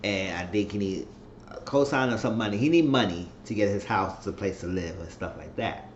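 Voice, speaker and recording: A man's voice: on the low side, moderate pace, a little hiss or hum. A man giving a casual TV episode recap, retelling scenes and acting out the characters' lines. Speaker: TV show recap vlogger. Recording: echoey room, dull lo-fi sound.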